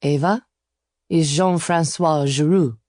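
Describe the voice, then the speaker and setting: A man's voice: a little high, steady tone, slow, darkish tone, no room sound, studio quality. Woman voicing a polite French businessman. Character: suave middle-aged French businessman.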